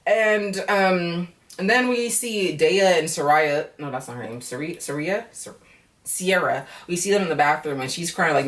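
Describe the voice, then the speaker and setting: A woman's voice: on the low side, animated, fairly quick, distant mic. A woman giving a frank, chatty recap of a reality show on her vlog, swearing freely. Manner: frank, chatty, with heavy profanity.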